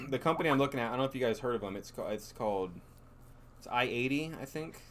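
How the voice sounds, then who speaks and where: A man's voice: medium pitch, fast, gravelly, a bit bright, a little hiss or hum. A man co-hosting a casual live stream from home, chatty and teasing. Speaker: co-host.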